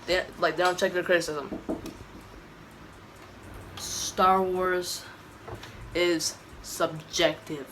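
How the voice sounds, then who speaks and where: A woman's voice: fairly low pitch, little pitch movement, takes it slowly, pauses often, fairly bright tone, slight background noise, rough recording. A woman with a Texan accent rambling through an opinionated casual vlog, tired and correcting herself often. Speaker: YouTube vlogger. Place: indoor room, dim lighting.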